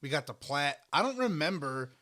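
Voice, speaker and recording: Man, podcast co-host, bright tense tone, rambling casual chat, eating while talking. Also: a little high, sing-song, normal speed. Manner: rambling, restarts, talks with mouth full.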